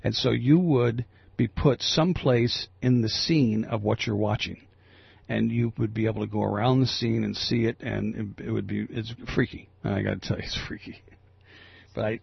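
A man with a deeply gravelly, husky voice hosts a talk radio show, rambling and restarting his sentences. The sound is dry, with no room at all. The pitch sits fairly low. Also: dry recording, highs cut off. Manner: rambling, with many fillers and restarts.

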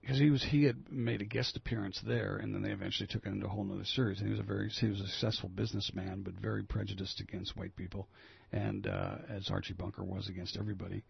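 A man's voice: fairly low pitch, level tone, fast talker, gravelly, breathy edge, no room sound, dull audio. A man hosting a talk radio show, reading news items and riffing on them in a rambling, opinionated way. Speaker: local radio host. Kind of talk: casual talk radio commentary.

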